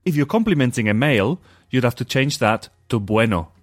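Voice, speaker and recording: A man's voice: medium pitch, lively intonation, fairly quick, dry recording, faint music behind. A man teaching a short podcast lesson segment, coaching the listener to repeat phrases after him. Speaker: language teacher.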